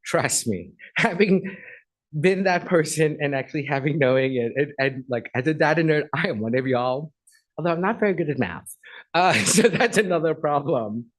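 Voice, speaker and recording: A man's voice: a little high, lively intonation, moderate pace, rough recording. A middle-aged man giving a chatty, effusive guest speech at an agency event, then taking audience questions.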